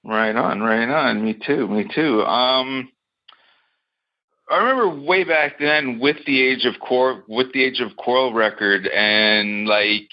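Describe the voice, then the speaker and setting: A man in his forties hosting a radio interview, laid-back and halting with fillers. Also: mid-range voice, muffled recording. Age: 40s. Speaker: radio host. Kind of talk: phone interview.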